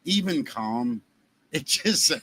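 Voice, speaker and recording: Man, Baltimore accent, podcast host, animated jokey chat, fairly high voice. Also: slow pace, breathy edge. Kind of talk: casual chat.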